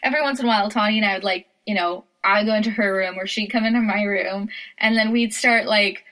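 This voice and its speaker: A woman's voice: mid-range voice, fairly even intonation, quick pace, pushed and bright. A woman co-hosting a casual podcast chat, laughing often as she talks. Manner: giggly, laughs often mid-sentence. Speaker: podcast co-host.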